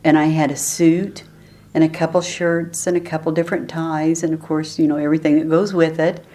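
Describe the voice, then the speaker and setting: Older female interviewee, low-pitched, easygoing storyteller who laughs readily. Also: little pitch movement, fairly quick, mellow. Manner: chatty, laughs often while telling stories. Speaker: oral history interviewee. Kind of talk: relaxed storytelling.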